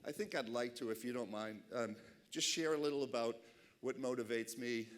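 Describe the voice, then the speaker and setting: A man's voice: medium pitch, moderate pace. A middle-aged man with a Boston accent giving a passionate, chatty keynote speech at an awards dinner. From Boston, USA. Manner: passionate, animated, chatty with asides. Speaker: keynote speaker. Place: banquet hall.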